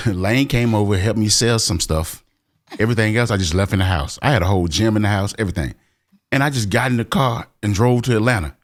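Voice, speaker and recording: A man's voice: fairly low pitch, fairly quick. A middle-aged man co-hosting a podcast, talking emphatically and expressively in casual chat. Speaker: podcast co-host.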